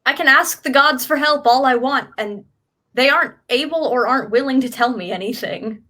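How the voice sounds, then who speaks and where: A woman's voice: sits high, normal speed, bright, forceful tone. A woman speaking in character during a tabletop role-playing game, earnest and matter-of-fact.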